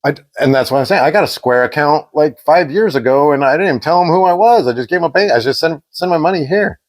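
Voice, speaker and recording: A man co-hosting a podcast, chatting casually and telling an animated story, acting out the quoted exchanges. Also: on the high side, quick pace. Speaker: podcast co-host.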